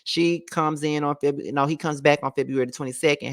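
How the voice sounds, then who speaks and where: A woman's voice: sits low, fairly even intonation, fairly quick. A woman giving blunt, profane gossip commentary and reading text messages aloud. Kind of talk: opinionated commentary.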